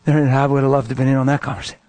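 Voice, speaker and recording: A man's voice: mid-range voice, flat delivery, racing, darkish tone, no echo. A man preaching a sermon and telling stories in a folksy, emphatic way. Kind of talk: sermon with storytelling.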